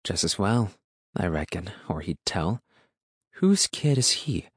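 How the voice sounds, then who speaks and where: A man's voice: sits low, very animated, slow, slightly rough, dry recording, studio quality, heavily acted. A man voicing a coarse, hostile middle-aged farm woman with a drawl and a harsh, mocking way of speaking. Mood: sly.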